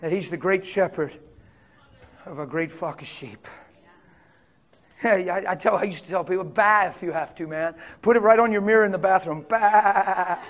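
High-voiced man preaching a lively sermon. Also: moderate pace, long pauses. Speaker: pastor.

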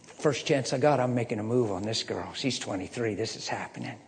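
A middle-aged man preaching a personal testimony, swinging from low muttering to impassioned shouting. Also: brisk. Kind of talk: sermon testimony storytelling. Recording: echoey hall reverb.

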